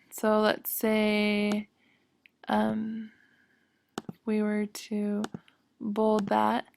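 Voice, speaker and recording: A woman's voice: mid-range voice, vocal fry, a little hiss or hum. A woman teaching a screen-recorded web design tutorial, hesitant and full of ums as she thinks aloud while clicking.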